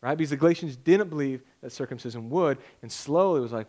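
A man's voice: mid-range voice, expressive, fast, darkish tone. A young man preaching a sermon as pastor, conversational and joking, often acting out imagined voices.

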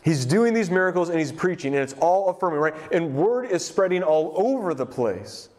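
A young male pastor gives a relaxed, talky sermon with a fairly high voice. He drifts into jokes and asides and fills gaps with ums and likes. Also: normal speed. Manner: chatty, loose and joking, with many fillers. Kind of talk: casual conversational sermon.

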